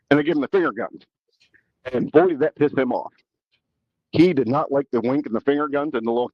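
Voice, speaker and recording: A man's voice: mid-range voice, a little fast, long pauses, dry recording, lo-fi sound. Rambling male podcast host. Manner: rambling with many restarts. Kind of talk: casual chat, storytelling.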